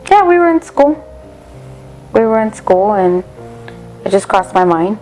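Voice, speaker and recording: A middle-aged woman giving a candid, reflective documentary interview, halting now and then with fillers. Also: mid-range voice, very animated, darkish tone, faint music behind. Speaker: interviewee, mother recalling teen pregnancy.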